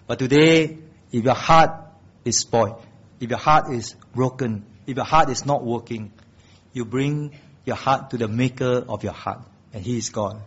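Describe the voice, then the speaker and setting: A man preaches a sermon in a slightly husky voice. He climbs to loud, emphatic peaks, then settles soft and slow on the key phrases. The recording is dull and lo-fi. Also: medium pitch.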